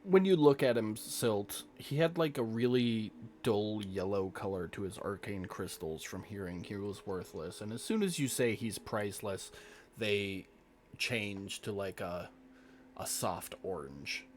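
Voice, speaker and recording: A man with a slightly low voice narrates a tabletop game as game master. He describes scenes in an easygoing way, now and then restarting a phrase. Faint room noise sits beneath him. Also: measured pace. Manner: relaxed, descriptive, with small restarts.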